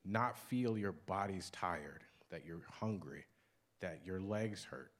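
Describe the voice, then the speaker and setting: A man's voice: deep voice, takes it slowly. A man speaking earnestly to a congregation in a testimony-style talk. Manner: earnest, growing excited.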